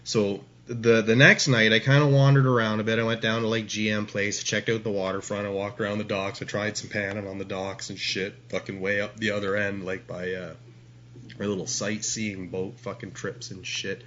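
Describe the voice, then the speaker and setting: A man's voice: fairly low pitch, level tone, normal speed, a bit bright, lo-fi sound, slight background noise. A man in his forties from Ontario, telling a rambling, swear-heavy story as a podcast guest. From Ontario, Canada. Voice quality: profane, rambling, lots of restarts. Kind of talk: casual storytelling.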